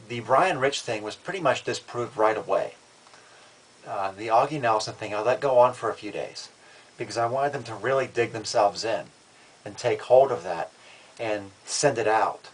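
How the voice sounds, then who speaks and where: A man's voice: fairly low pitch, slightly rough, rough recording. A man talking to camera in a casual vlog, matter-of-fact and defiant, often restarting and repeating words. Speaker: vlogger.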